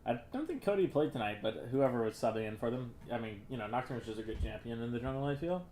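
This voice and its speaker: A man casting a video game match in a casual, relaxed way, with frequent fillers. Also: medium pitch, fast, reverberant, slight background noise. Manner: relaxed, hesitant with many fillers. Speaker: esports caster. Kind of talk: casual esports commentary.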